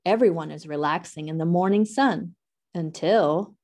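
A woman reading a children's picture book aloud in an expressive, sing-song way. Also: lowish voice, normal speed. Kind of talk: storybook read-aloud.

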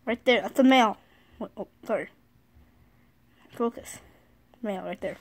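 A school-age girl vlogging casually from her bed, excitable, reading card names aloud and often apologizing. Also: mid-range voice, normal speed. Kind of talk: casual card-opening vlog. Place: sitting on her bed at home.

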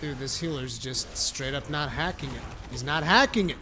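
A man's voice: mid-range voice, moderate pace, hardly any pauses, a little hiss or hum. Brash, foul-mouthed gamer man. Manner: profane, brash trash talk at teammates; excited shouting in bursts. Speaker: gameplay commentator. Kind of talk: live gameplay commentary. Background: game music.

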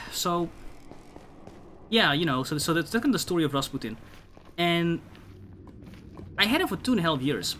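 A man streaming a game, telling stories in a casual, profane, animated way with many restarts. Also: fairly high pitch, slight background noise. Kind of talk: casual storytelling while gaming.

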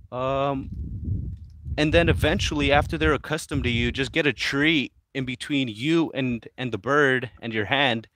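A man hosting a casual livestream, reading viewer questions aloud and chatting in a relaxed, mumbly way to his pets. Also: medium pitch, dry recording, clean studio sound. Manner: laid-back, mumbly, talks to his pets. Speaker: livestream host reading chat. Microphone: phone.

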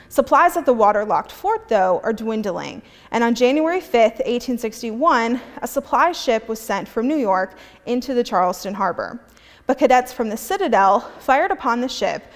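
Woman presenting history in a reverberant hall. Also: fairly high pitch. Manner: reads historical quotes aloud, occasional aside with a laugh. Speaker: museum curator presenting history.

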